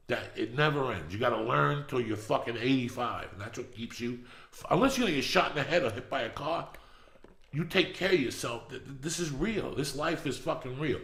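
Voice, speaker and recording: Gravelly, profane storyteller man. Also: a little high, a bit bright, reverberant. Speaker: podcast host. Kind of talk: storytelling monologue.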